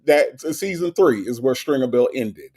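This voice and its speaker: A man co-hosting a casual podcast, with a voice of ordinary pitch. He argues emphatically and keeps circling back to hammer home the same point. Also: expressive, normal speed, a little mellow, husky. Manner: emphatic and argumentative, repeating his points. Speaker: podcast co-host.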